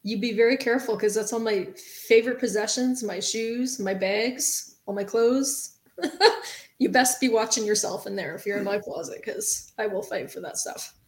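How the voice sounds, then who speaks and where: A woman co-hosting a podcast in casual chat, playful and quick to laugh. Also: on the high side, reverberant, rough recording. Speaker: podcast co-host.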